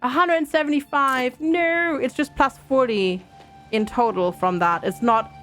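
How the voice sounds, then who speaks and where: A woman's voice: high-pitched, a little slow, a bit bright, soft background music. A young woman streaming a game, chatting and thinking aloud to her viewers. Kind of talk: casual game commentary.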